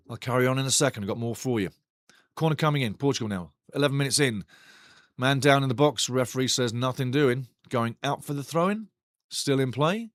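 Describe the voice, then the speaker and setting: A man's voice: medium pitch, normal speed, pauses often, dry recording, clean studio sound. A man hosting a live match watch-along, commenting on the play and talking passionately to his chat. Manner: passionate, talks straight to chat; ranting, indignant.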